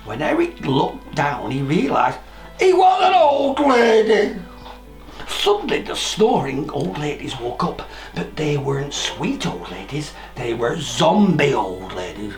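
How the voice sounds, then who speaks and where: A storyteller reading a children's picture book aloud, playful and expressive, with sound effects. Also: medium pitch, measured pace, few pauses. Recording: roomy echo, faint music.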